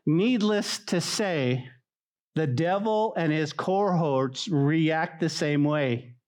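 A man preaching a sermon to a congregation, animated and conversational, acting out the voices he quotes. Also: on the high side, slow. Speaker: pastor. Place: church hall.

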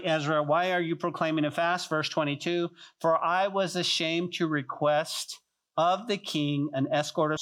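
A man pastor preaching a sermon, telling stories and acting out voices, often repeating himself. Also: a little high. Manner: animated storytelling, acts out voices, repeats phrases. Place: church sanctuary.

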